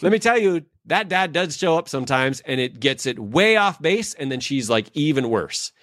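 Animated male podcast storyteller, dry sound. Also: a little high, moderate pace, no room sound. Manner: animated storyteller who acts out quoted lines; loose, filler-heavy phrasing. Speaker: podcast co-host and leadership expert. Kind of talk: casual podcast conversation.

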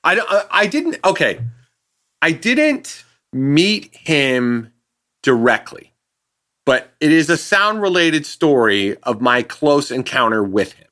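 A man, a guest sound designer, telling an animated anecdote on a podcast and acting out the people he quotes. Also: on the high side, slow. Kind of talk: casual podcast storytelling.

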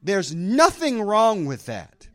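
Animated preaching pastor, a man. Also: high-pitched, slow pace. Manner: emphatic preaching with frequent amens and praise calls. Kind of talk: sermon. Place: church service with congregation.

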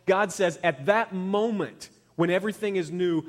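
A man in his thirties preaching a conversational sermon as a pastor, often dropping to a soft, quiet voice. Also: sits high, moderate pace, hardly any pauses, in a large hall.

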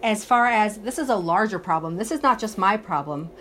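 A woman's voice: mid-range voice, animated, brisk, a bit bright, slight background noise. A woman teaching a religious text lesson, earnestly explaining it phrase by phrase. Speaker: Torah teacher.

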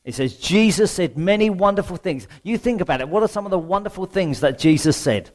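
A man's voice: high voice, lively intonation, a little fast, a little mellow. A middle-aged man preaching a sermon in a conversational way, often asking the congregation questions.

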